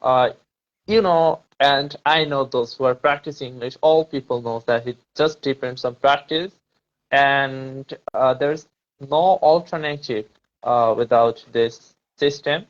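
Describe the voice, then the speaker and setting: A man's voice: mid-range voice, measured pace, lo-fi sound. A man talking casually about English accents and exam preparation, hesitant, with many fillers and restarts. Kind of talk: casual conversation practice.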